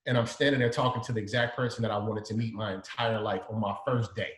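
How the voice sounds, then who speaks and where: A man's voice: lowish voice, fairly even intonation, fast talker. A man from Chicago's South Side, a designer telling a story in an interview, animatedly acting out the dialogue he quotes. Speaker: guest, designer. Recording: echoey room.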